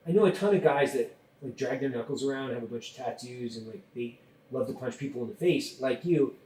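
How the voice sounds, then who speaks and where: A man's voice: mid-range voice, a little fast, darkish tone. A man hosting a podcast, talking emphatically in casual chat and swearing freely. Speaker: podcast host. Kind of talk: casual conversation. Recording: roomy sound, distant from mic.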